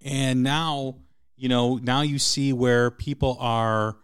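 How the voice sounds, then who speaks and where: A man's voice: medium pitch, fairly even intonation, slow, clear, resonant tone. A middle-aged man in casual conversation, musing reflectively and repeating phrases for emphasis.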